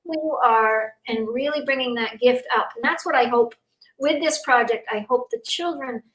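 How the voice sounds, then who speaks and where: An older woman hosting a casual conversation, speaking in an earnest, gentle way. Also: fairly high pitch, normal speed. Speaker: host. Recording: echoey, distant from the mic.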